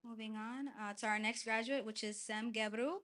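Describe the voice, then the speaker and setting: A woman's voice: a little high, fairly even intonation, a bit bright. A woman announcing graduates at a church event, reading plainly with small restarts. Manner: plain, slightly halting reading with self-corrections. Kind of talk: reading introductions. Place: church hall.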